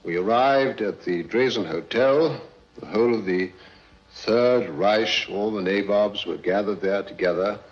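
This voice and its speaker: Low-voiced diplomat recalling events. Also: male voice. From Britain. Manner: low-key, hesitant storytelling. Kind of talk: archival interview recollection. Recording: dull lo-fi archival interview.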